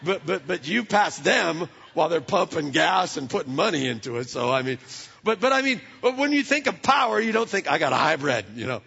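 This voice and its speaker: A man preaching a sermon in a conversational way, often stumbling and repeating words, with lively asides. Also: high-pitched, fairly quick, creaky, hardly any pauses, slightly rough. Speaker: pastor. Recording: dull sound with long hall reverb.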